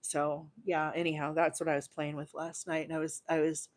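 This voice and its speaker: A woman in her forties from Alabama, hosting a casual crochet livestream and chatting with her viewers in a bubbly, excitable way. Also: low-pitched, moderate pace. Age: 40s. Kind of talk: casual live crochet demo chat.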